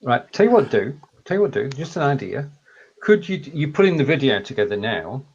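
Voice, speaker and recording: Host with a dull, lo-fi sound. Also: male voice, mid-range voice, very animated, slightly rough. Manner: reads out viewer comments, quick and upbeat. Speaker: show host. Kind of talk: live online show chat.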